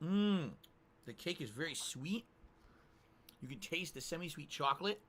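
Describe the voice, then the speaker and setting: A man's voice: a little high, lively intonation, a little slow, a bit bright. A man streaming casually at a desk mic in his office, chatting with viewers between bites and teasing them with mock outrage. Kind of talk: casual livestream chat while eating. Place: office room indoors. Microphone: close desk mic.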